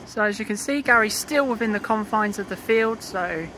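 Person, balloon retrieve driver, casual step-by-step commentary, outdoors, mid-pitched voice, faint background noise. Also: pushed and bright. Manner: explains step by step as they go, with frequent pauses. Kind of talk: casual running commentary while working. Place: outdoors in a field and by a car.

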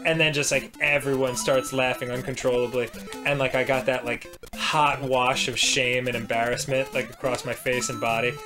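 A man's voice: mid-range voice, moderate pace. A man co-hosting a casual let's-play, chatting and laughing a lot while game music plays. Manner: giggly, animated, breaks into laughter often. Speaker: co-host.

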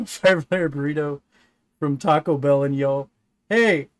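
A man's voice: fairly high pitch, unhurried, no room sound. A man co-hosting a casual gaming session, reading a text adventure aloud with frequent laughter and casual swearing. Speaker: co-host playing a text adventure.

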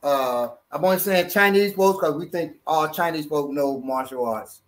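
A man with a notably high speaking voice runs a hands-on self-defense demonstration. He jokes as he goes and often repeats words while showing the moves. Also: normal speed. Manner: animated, jokey, repeats words.

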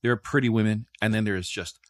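A man's voice: on the low side, steady tone, no echo, studio quality. A middle-aged man as a guest in a casual chat, talking enthusiastically and often restarting his phrases. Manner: fast, stammering restarts, enthusiastic.

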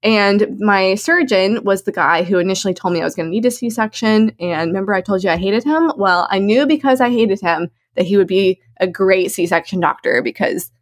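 A woman telling a personal story in a casual, chatty way, laughing often and filling her talk with "like", her voice jumping up high when she gets excited. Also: normal speed, hardly any pauses. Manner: animated, swings into high excited tones. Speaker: guest sharing her birth story.

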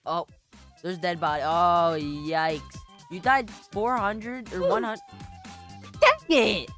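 Her voice is lowish and her pace slow as this gaming YouTuber riffs playfully on the game she's playing. Soft music plays behind her, and she keeps breaking into yelps and laughter in her excitable, jokey way.

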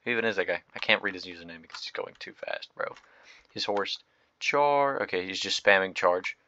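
Young male gaming host, low voice with a bright, tense edge, slangy play-by-play reactions, dull home-mic sound. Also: brisk, slight background noise. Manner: excitable, slangy, reactive, swings from loud outbursts to mumbled asides. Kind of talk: live gameplay commentary.

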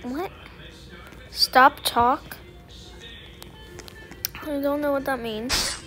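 A woman's voice: sits high, fairly even intonation, very slow, music in the background. A woman giving casual gaming commentary, giggling often and squealing when startled. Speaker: gamer.

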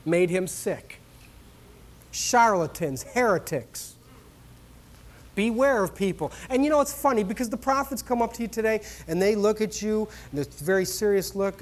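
A man's voice: high-pitched, normal speed. A male pastor preaching a sermon in a folksy, conversational way, telling the story with exclamations and humor.

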